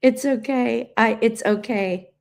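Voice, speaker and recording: Teary lady on her livestream, earnest, reading out comments, kinda high voice. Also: slow pace, creaky. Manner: tearful, earnest, reads viewer comments aloud. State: crying. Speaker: livestream host.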